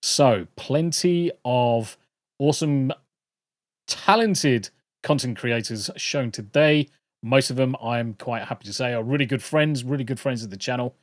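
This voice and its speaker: A man's voice: mid-range voice, unhurried, no echo, clean studio sound. A British man hosting a livestream, chatting casually to viewers in a rambling, jokey way and swearing freely. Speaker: livestream host.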